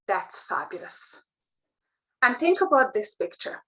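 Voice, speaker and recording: Bright high-voiced woman giving a pep talk. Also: a little slow, low-quality recording. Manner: animated storytelling, acts out quoted thoughts. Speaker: career coach. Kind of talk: motivational talk to camera.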